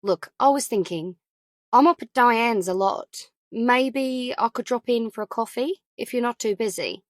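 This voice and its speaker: A woman voicing a friendly, chatty young mum with an Australian accent in an audiobook, talking brightly and briskly. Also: a little high, no room sound, lightly acted. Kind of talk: audiobook character voice.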